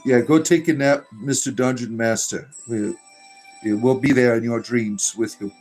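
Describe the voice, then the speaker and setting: A man's voice: medium pitch, fairly even intonation, normal speed, a little mellow, faint music behind. Joking man reading livestream chat. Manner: joking, irreverent, laughs often.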